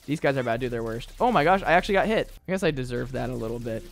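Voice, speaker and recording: A man's voice: mid-range voice, lively intonation, racing, creaky. A man streaming a video game, giving casual running commentary, often exasperated and mocking himself. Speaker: gaming streamer. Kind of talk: casual let's-play commentary.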